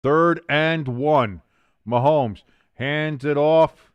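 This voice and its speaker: Excitable man calling plays on a stream. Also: fairly high pitch, extremely slow, clear, resonant tone, no echo, muffled recording. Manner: excitable, rising sharply on big plays; chatty asides, reading out viewer comments. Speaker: watch-along stream host. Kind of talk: casual play-by-play commentary.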